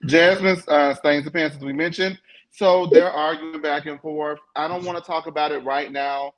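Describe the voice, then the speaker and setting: A man's voice: on the high side, fairly even intonation, normal speed, poor audio. A man hosting a live recap panel, talking in a sassy, playful way, breaking into chants and teasing his co-hosts. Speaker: panel host.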